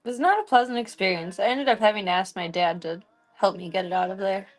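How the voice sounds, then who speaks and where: A woman's voice: mid-range voice, fast. A young woman streamer chatting casually at home, rambling and cooing baby talk at her cats. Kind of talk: casual chat while streaming.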